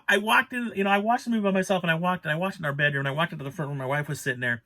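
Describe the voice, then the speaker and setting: A man's voice: high voice, quick pace, pushed and bright. A man giving a casual spoken movie review, rambling and exasperated, restarting his sentences as he rants.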